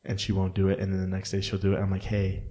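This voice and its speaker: A man's voice: sits low, monotone, rapid-fire, warm tone. A man co-hosting a podcast, telling profane, loose stories in casual chat and acting out quotes, close to the mic. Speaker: podcast co-host.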